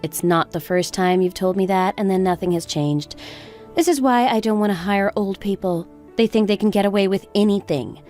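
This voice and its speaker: A woman's voice: mid-range voice, moderate pace, a little mellow, close to an everyday voice. A woman playing a stern restaurant boss who speaks curtly and scolds. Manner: curt, scolding. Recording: faint background music.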